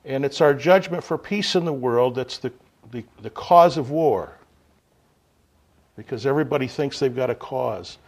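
Man preaching, loud then hushed. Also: medium pitch, husky. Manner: unhurried, with sudden swings between loud emphasis and quiet asides. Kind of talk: sermon.

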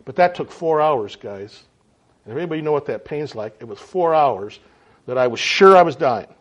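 A man preaching a sermon in a folksy, animated way, often checking in with his listeners. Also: on the high side, normal speed. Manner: folksy, animated, frequent "right?" and "okay?" to the audience. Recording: dull lo-fi sound.

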